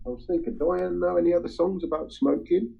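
Man, husky, casual chat, halting with many ums, phone-like tinny audio. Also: high-pitched, steady tone. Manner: halting, full of ums and restarts. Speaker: music-sharing group member.

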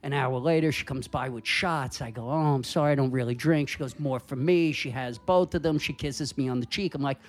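A man spins a long, crude anecdote on a comedy podcast. He talks casually and acts out every line of dialogue, swinging between mutters and loud outbursts. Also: mid-range voice, a little fast, few pauses. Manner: animated, profane, acts out dialogue. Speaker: comedian guest.

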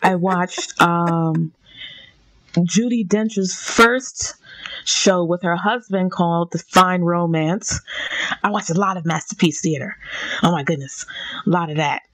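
A woman's voice: lowish voice, slow, no room sound. An American woman guest chatting on a podcast, laughing often and hesitating with fillers. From United States. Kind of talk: casual chat.

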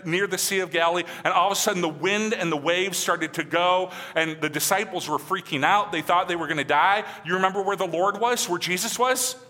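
A man preaching a sermon as a pastor, emphatic and conversational, often asking his listeners "right?", and dropping to a soft, slow voice on key phrases. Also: a little high. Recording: long hall reverb.

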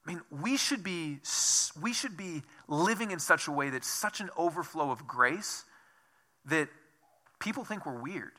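Bright-voiced man preaching a sermon. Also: on the high side, expressive, a little slow. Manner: conversational, self-deprecating storytelling; asks the listeners many questions. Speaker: pastor.

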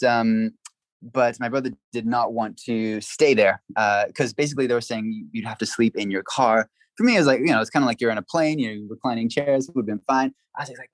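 Guy telling a wild story on a podcast, animated, keeps saying like, dry room. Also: mid-range voice, no echo, low-quality recording. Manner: animated, acts out quotes, frequent "like" fillers. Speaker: podcast guest. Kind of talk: casual storytelling.

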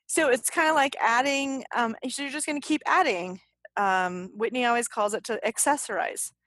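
A woman's voice: fairly high pitch, normal speed, a bit bright, no room sound. A woman co-hosting a podcast, talking casually and upbeat, with plenty of fillers and restarts. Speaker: podcast co-host.

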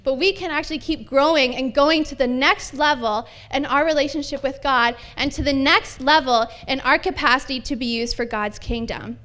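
A woman's voice: high-pitched, moderate pace, few pauses, pushed and bright. A young woman pastor preaching a sermon in an upbeat, chatty way with lots of casual fillers. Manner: bubbly, upbeat, chatty with many "like"s.

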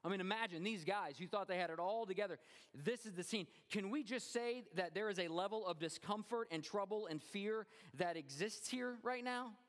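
A man preaching a sermon as pastor, expressive, often dropping low and quiet for emphasis. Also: moderate pace. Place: church. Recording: long church reverb.

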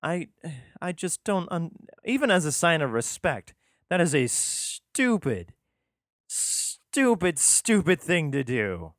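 A man's voice: on the high side, big pitch swings, slow pace, fairly bright tone, dry recording, clean studio sound. A man reading scripture aloud, breaking off for sarcastic, profane and exasperated comic asides. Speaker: host reading scripture with commentary. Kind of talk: irreverent comic commentary.

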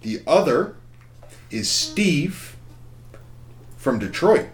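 A man's voice: fairly high pitch, sing-song, drawn-out words. A man chatting casually with friends, rambling through a long crude story with frequent laughs. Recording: echoey room with faint ambience.

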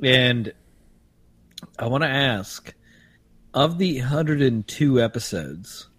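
A man hosting a casual podcast, talking in a relaxed way with a few pauses. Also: medium pitch, breathy edge. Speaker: podcast host.

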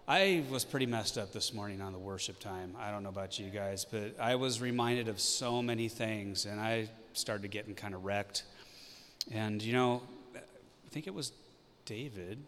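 A man's voice: lowish voice, unhurried, long pauses, a bit bright, slight background noise. A man leading a church meeting, giving an informal, encouraging sermon with light teasing. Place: church hall. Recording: long reverb of a hall.

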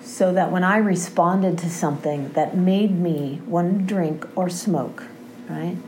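A woman's voice: fairly low pitch, takes it slowly, darkish tone, slight background noise, rough recording. A woman giving an impassioned personal testimony about recovery, earnest and often checking in with a questioning "right?". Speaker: speaker sharing a recovery story.

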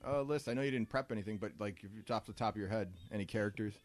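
A man's voice: fairly low pitch, rapid-fire. A man hosting a comedy podcast in casual chat, telling stories with animation and laughing often. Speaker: podcast host.

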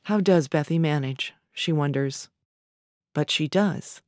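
A woman narrating literary fiction in a measured, even storytelling manner. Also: low voice, no echo, clean studio sound.

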